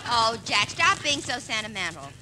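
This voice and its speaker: A woman playing the wisecracking sidekick in a 1940s radio comedy, teasing and quick with a jab. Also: on the high side, very animated. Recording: noisy old radio broadcast.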